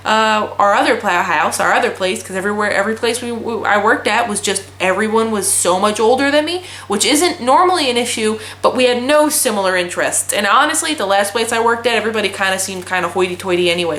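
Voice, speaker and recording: A woman's voice: mid-range voice, fairly bright tone. A young woman in her twenties vlogging casually, telling a story in a blunt, profane ranting way. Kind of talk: casual chat. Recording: echoey room.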